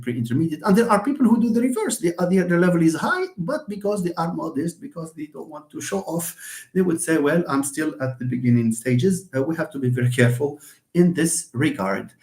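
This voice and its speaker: A man lectures on a live stream, answering chat comments as he goes. His voice sits a little high, and his talk is full of fillers and restarts. The room around him is noticeably echoey. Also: darkish tone. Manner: hesitant, many fillers and restarts, chuckles often. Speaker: university linguistics professor.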